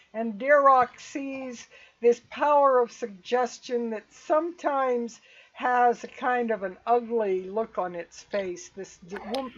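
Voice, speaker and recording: A woman narrating a tabletop game as game master, describing scenes in detail and pausing to check the rules. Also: on the high side, lo-fi sound.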